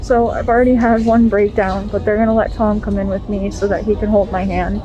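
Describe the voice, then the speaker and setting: A woman's voice: medium pitch, level tone, a little fast, highs cut off. A young woman talking openly and chattily to her phone camera in a personal vlog, with many fillers. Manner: frank and chatty, with frequent fillers. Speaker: vlogger.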